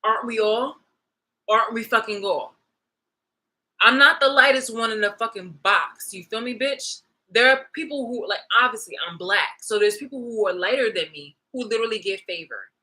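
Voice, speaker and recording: A woman's voice: a little high, moderate pace, sharp tone, poor audio. A woman vlogging in a heated, profane monologue rant, restarting and repeating her phrases as she talks.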